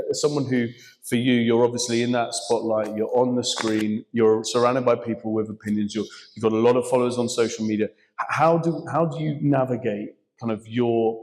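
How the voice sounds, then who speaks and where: A man's voice: mid-range voice, darkish tone, poor audio. A man hosting a casual onstage church interview, asking questions in a chatty way with a lot of hesitant restarts.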